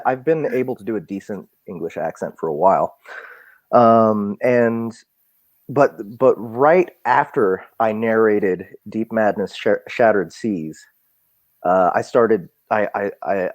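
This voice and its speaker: A man's voice: fairly low pitch, darkish tone, dry recording. A man in casual live-stream chat, rambling and self-deprecating, with many restarts. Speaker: audiobook narrator and guest.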